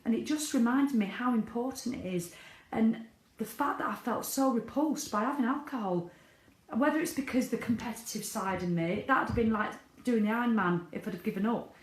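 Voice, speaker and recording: A woman's voice: on the high side, brisk. Chatty woman in an echoey room. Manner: chatty, candid, swears freely. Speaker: vlogger. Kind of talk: casual video diary.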